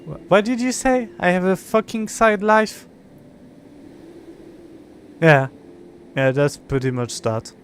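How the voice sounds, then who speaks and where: A man's voice: high-pitched, very animated, slow pace, pauses often, slight background noise. A young man, an English speaker, chatting frustratedly and swearing on a live game stream. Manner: frustrated, swearing, muttering to himself. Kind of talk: live gameplay stream chat.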